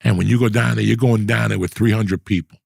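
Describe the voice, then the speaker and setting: A man's voice: fairly low pitch, fairly even intonation, fast, a little mellow, no room sound, studio quality. A middle-aged man hosting a casual chat, telling blunt, profane stories in a rambling way. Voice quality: gravelly, husky. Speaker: podcast host.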